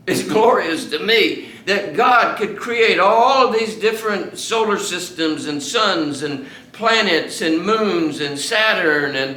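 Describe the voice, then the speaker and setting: A man's voice: high-pitched, lively intonation, unhurried, pushed and bright, reverberant, distant mic, rough recording. A man teaching a Bible study to a small class in a casual, conversational way, often restarting sentences and asking the group questions.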